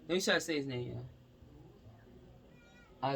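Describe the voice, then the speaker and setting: Excitable New man reacting to news. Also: a little high, measured pace, pauses often, a little hiss or hum, low-quality recording. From Newark, New Jersey. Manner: stumbles over words while reading, breaks off into loud exclamations and laughter. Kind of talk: reading news aloud and reacting.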